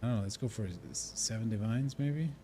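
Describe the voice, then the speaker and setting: A man's voice: mid-range voice, brisk, warm tone, a little hiss or hum. Man streaming a game. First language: German. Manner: chatty, rambling, thinking aloud. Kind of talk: casual live-stream chat while gaming. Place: living in India.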